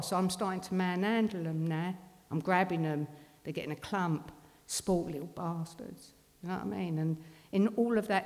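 A middle-aged woman with a mid-range, darkish voice gives a blunt personal recovery testimony, swearing freely in working-class London speech. A hall's long reverb trails after her words.

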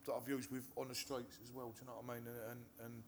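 On a stage in a meeting hall, an Englishman from Hertfordshire gives personal testimony of his recovery to a live audience. He's nervous, swears often and keeps restarting sentences. His medium-pitched voice barely moves in pitch and runs fast, with slight background noise.

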